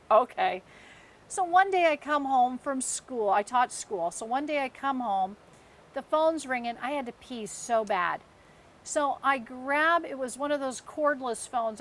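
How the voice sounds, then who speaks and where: An American woman in her fifties co-hosts a casual podcast and tells a long personal story. She acts out the people in it and laughs along the way. Her voice sits a little high, with a faint background hum. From United States. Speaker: podcast co-host.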